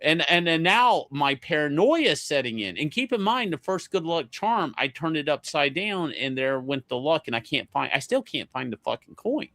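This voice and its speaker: A man telling a casual story in an animated, profane way, with many stammering restarts. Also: fairly high pitch, moderate pace, few pauses.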